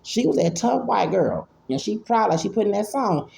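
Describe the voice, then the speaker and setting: A man in his forties gives a loose, rambling commentary, doubling back and stumbling over his words. His voice is mellow and dark, with a gravelly fry running through it. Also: sits high, sing-song, normal speed. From Houston, Texas. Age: 40s. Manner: rambling, repeats himself, stammers. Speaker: vlogger. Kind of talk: casual commentary.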